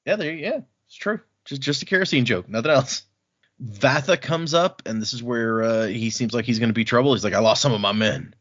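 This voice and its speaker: A husky man chats casually on a podcast, retelling a story's scenes and dropping into quick offhand quotes of the characters. He laughs easily as he goes, and the recording sounds somewhat dull and lo-fi. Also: mid-range voice, a bit bright. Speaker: podcast co-host. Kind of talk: casual book-club chat. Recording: dull lo-fi audio.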